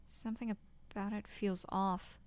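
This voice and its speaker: A young woman streaming a game, talking casually and hesitantly, breaking off and dropping into soft whispers. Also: medium pitch, level tone, measured pace, clear, resonant tone. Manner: hesitant, self-interrupting, with soft whispered asides. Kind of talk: casual gameplay commentary.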